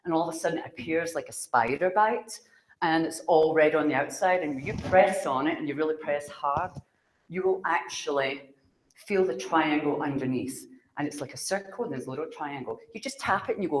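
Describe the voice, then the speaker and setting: A woman's voice: low-pitched, brisk, a little hiss or hum. A middle-aged woman from Scotland, a spiritual speaker who tells stories to a live audience. She acts out the dialogue in her stories and laughs often. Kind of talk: storytelling talk to a live audience. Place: room with an audience. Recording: roomy, echoey hall sound.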